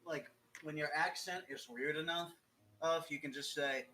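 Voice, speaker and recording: A man's voice: fairly high pitch, fairly even intonation, moderate pace, sharp tone, soft background music, poor audio. A young man chatting as a guest on a writing stream, rambling, joking and swearing freely. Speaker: guest writer. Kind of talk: casual chat.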